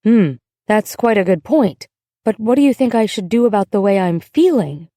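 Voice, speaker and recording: A woman narrator voicing a gentle, kindly young woman from next door who speaks softly to a child. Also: mid-range voice, expressive, moderate pace, no echo, clean studio sound, natural voice. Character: gentle, glamorous young American woman neighbor.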